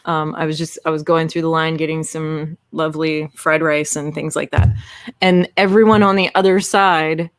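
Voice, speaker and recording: A woman in her forties, co-hosting a podcast, chatting casually and telling animated stories with plenty of swearing. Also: low voice, normal speed, dry recording. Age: 40s. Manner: animated storyteller, swears freely. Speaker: podcast co-host. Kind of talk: casual chat.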